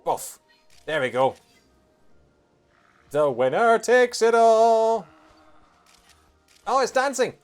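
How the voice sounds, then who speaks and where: A man giving casual gameplay commentary as a let's play host, excitable and chatty, humming tunes and cracking jokey asides. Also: a little high.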